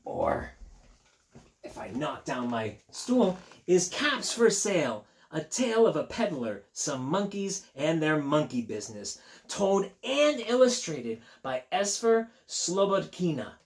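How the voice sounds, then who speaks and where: A male teacher reading a picture book aloud to children, gentle and chatty, repeating himself as he talks straight to the kids. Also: on the high side, sing-song, slow. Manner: gentle, chatty and repetitive, talking directly to young kids.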